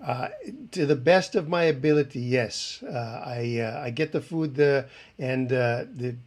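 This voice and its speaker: A man playing a proud male chef who speaks with a put-on French accent and hesitant, halting delivery in an improvised comedy podcast bit. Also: mid-range voice, darkish tone, close to an everyday voice. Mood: smug. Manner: halting, full of "uh" pauses. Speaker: guest chef.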